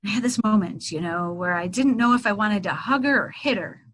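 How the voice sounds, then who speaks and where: A woman's voice: medium pitch, brisk, rough recording. A middle-aged woman, a Reiki teacher and guest, casually telling a story in an interview and acting out past conversations. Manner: animated, acts out past dialogue.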